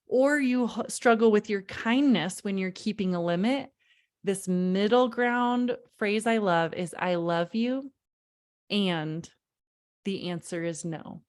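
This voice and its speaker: With a medium-pitched voice, a woman coaching parents hosts a live online workshop. Her delivery is emphatic and direct to the audience, with key phrases repeated.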